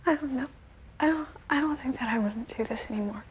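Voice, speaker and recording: An actress playing a shy young woman freed from captivity, speaking softly in a hushed near-whisper during an interview scene. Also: high-pitched, fast talker, a little hiss or hum, close to an everyday voice. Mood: wistful.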